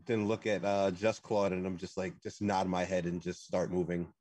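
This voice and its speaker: A man's voice: deep voice, flat delivery, normal speed, darkish tone. A man playing a tabletop game, rambling through his character's actions with lots of "like" and "just". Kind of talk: casual play narration.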